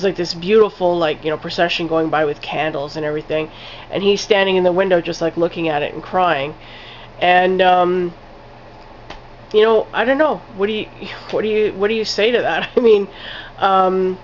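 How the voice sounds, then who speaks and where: A woman film reviewer with a voice on the low side talks in a casual vlog style, rambling, swearing casually, and using lots of "like" fillers. The recording is muffled and lo-fi with slight background noise.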